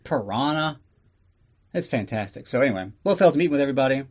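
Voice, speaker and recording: A man's voice: mid-range voice, expressive, fast, darkish tone. A man hosting a podcast, giving a casual, sarcastic and profane recap of a movie. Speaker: podcast host.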